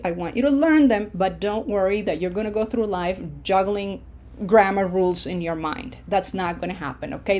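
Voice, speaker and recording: A woman's voice: medium pitch, darkish tone. A woman teaching a Spanish pronunciation lesson, patient and encouraging, often checking in with "okay?" and modeling syllables aloud. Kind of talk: online language lesson.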